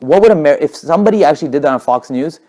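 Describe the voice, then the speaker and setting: A man telling stories in a casual talk, talking fast and animated, sometimes dropping to a whisper for effect. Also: on the high side. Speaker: guest speaker.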